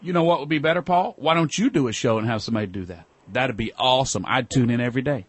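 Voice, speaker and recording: A man's voice: medium pitch, fast talker, slightly rough, no echo. A man hosting a call-in radio talk show, arguing with a caller in a sarcastic, lecturing way.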